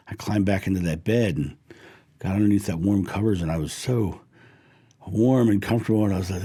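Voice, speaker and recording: A middle-aged man giving a slow, heartfelt spiritual talk, lingering gently on his words. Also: fairly low pitch, husky. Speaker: spiritual teacher.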